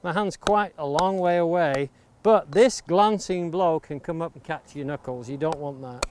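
A man with a fairly high voice gives a hands-on axe-carving lesson outdoors. He explains steadily and patiently, keeps coming back to safety, and axe chops click through the noisy recording. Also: moderate pace, darkish tone. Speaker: woodworking instructor. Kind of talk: hands-on demonstration. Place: outdoors near the coast. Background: axe chopping clicks.

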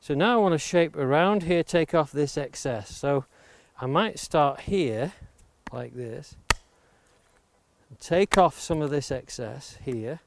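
Outdoors near the coast, a woodworking instructor with a fairly high, gravelly voice gives a hands-on axe-carving demonstration. He speaks slowly and expressively, explaining steadily and patiently and returning again and again to safety, while axe chops click through the noisy recording.

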